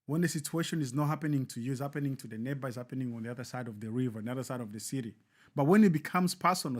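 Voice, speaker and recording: A man hosts a live show and talks in an emphatic, repetitive cadence like a preacher. His voice sits a little high. He drives his points home by saying them again and again.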